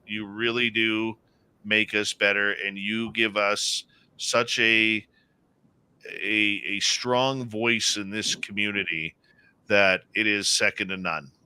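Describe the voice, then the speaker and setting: Earnest bright-voiced male radio host. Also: fairly low pitch, level tone, clean tone. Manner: earnest, halting with restarts. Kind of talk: casual on-air talk.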